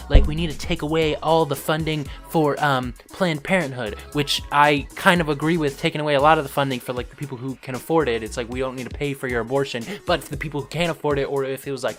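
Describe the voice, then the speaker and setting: A young man hosting a casual news commentary vlog, animated and ranting, with frequent fillers. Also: on the high side. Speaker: host.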